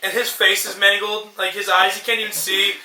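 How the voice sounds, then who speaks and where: On a podcast, a male co-host goes on a rambling, profane rant, mimicking people in mocking voices as he acts out scenes. His voice sits high and bright with little pitch movement, fairly quick and forceful, in a roomy echo.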